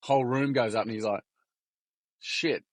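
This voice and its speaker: A man, telling stories in a casual interview in a blunt, matey, energetic way. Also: mid-range voice, fairly quick, dry recording. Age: 40s. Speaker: guest, workshop founder.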